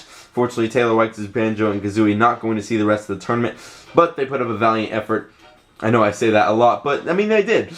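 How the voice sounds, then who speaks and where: A man commentating video game matches play-by-play, excitable and bursting into loud exclamations. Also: medium pitch. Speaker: tournament commentator.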